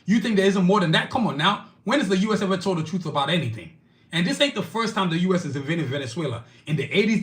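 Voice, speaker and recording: A man from Nigeria delivering a heated opinion monologue, indignant and forceful, swearing freely and firing off rhetorical questions. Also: high voice. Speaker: political commentator.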